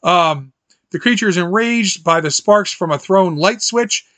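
Brief: animated man hosting a chatty film recap, high bright voice, dry close sound. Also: unhurried, dry recording. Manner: animated, quotes scenes in jumpy high voices, laughs often. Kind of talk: casual film recap chat.

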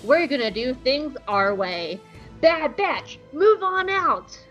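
A woman voicing a commanding male soldier squad leader who gives flat, matter-of-fact orders. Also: high-pitched, slow, soft background music, exaggerated voice. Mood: bossy.

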